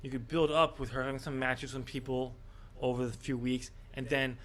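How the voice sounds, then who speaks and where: A man's voice: medium pitch, steady tone, brisk, a bit bright. A man co-hosting a casual wrestling predictions podcast, talking in a hesitant way with many fillers. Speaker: podcast co-host.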